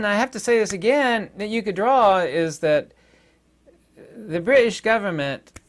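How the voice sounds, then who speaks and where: A man's voice: sits high, measured pace, fairly bright tone. A middle-aged American man giving an indignant, rambling political monologue with sarcastic asides. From United States. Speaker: commentator.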